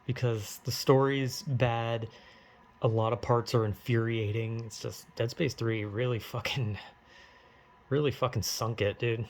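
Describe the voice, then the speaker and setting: Casual gravelly guy ranting to camera, rambly, swears a lot, pokes fun at himself. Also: mid-range voice, fairly even intonation, unhurried. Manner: rambling, self-deprecating, swears freely. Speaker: YouTuber. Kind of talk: casual opinion rant.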